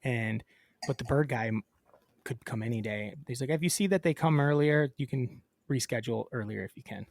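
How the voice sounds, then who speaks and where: A man's voice: mid-range voice, fairly quick, darkish tone, no room sound. A man co-hosting a podcast, chatting casually and acting out a phone call as he tells a story. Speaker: podcast co-host. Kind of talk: casual chat.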